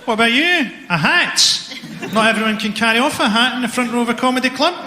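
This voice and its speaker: High-ish guy doing mean stand-up crowd work, roomy club sound, crowd roaring and loud noise behind. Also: animated, fast. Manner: sardonic, insulting roasts. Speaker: stand-up comedian. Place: comedy club. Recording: echoey club hall, roaring crowd laughter. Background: crowd laughter.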